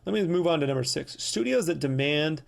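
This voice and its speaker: A man's voice: fairly high pitch, lively intonation, a little fast, vocal fry. A man hosting a podcast, ranting in a casual, profane monologue and mocking others in put-on quotes. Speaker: podcast host.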